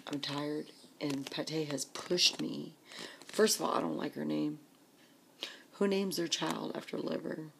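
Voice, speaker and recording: A woman with a low, gravelly voice vents in an exasperated, complaining casual vlog. She talks slowly and often drops to a hushed whisper. A faint hiss of noise sits under the recording. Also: steady tone. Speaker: vlogger.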